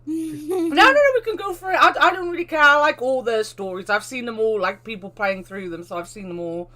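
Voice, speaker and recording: A woman's voice: a little high, sharp tone. A woman hosting a stream, bantering and laughing with friends in a voice chat. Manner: bossy, laughing, quick to tease. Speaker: streamer host.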